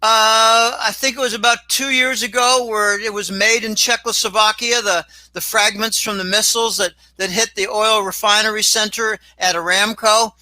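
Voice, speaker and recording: A man talking as a guest in a casual interview, rambling and animated, with sudden exclamations. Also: sits high, normal speed, few pauses, dry recording, poor audio. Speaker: guest commentator.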